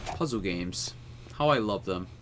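A man's voice: lowish voice, expressive, measured pace, noisy background. A young man hosting a casual let's-play, jumpy and stammering, often nervous. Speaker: gaming channel host.

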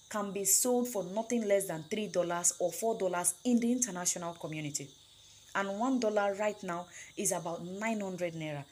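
A woman gives an emphatic farming lesson in a lowish voice, repeating key words and checking in with her listeners as she goes. Faint outdoor ambience with crickets sits behind her. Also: slight background noise. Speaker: snail farming mentor. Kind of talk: instructional talk.

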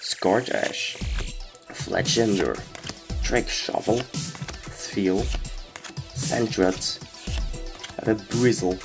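A man's voice: lowish voice, very slow, creaky, pauses often, poor audio. A man hosting a casual card-opening video, talking with a sick voice and reading out each card name in turn, with music playing behind him. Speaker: card-opening channel host. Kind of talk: casual unboxing commentary. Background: background music.

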